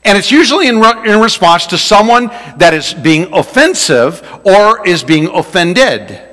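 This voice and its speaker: Animated pastor in reverb. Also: male voice, high-pitched, measured pace. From Louisiana. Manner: folksy, joking storyteller. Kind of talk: sermon. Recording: long reverb of a large hall.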